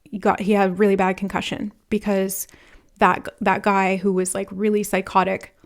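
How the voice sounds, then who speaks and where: A woman giving a pick-a-card tarot reading, talking in a lively way, full of fillers, and acting out the voices she quotes. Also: mid-range voice, creaky. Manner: animated, talks with many fillers and acts out quoted voices. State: nervous, laughing from nerves. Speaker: tarot reader.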